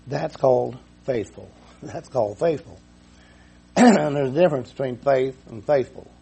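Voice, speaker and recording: In a husky, dark-toned voice of medium pitch, this man delivers a folksy sermon a little slowly, with lively intonation and some creak. He tells his congregation a homespun story, repeats himself, and chuckles at his own jokes.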